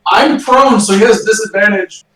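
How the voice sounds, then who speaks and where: A man playing in a tabletop game, animated and quick to protest in a playful way. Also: sits high, reverberant, far from the mic, crowd noise, rough recording. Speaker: player. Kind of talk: casual tabletop play.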